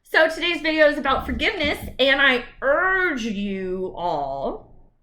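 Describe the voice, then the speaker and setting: A woman's voice: high-pitched, big pitch swings, a little slow, pushed and bright. A woman lawyer talking candidly to camera in a personal vlog, chatty with asides.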